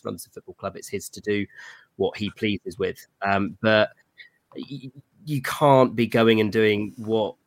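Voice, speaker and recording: A man with a low voice speaks in a dry, close recording. He talks in a hesitant way, repeating words as he makes his point on a football podcast panel. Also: dry recording. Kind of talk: casual chat.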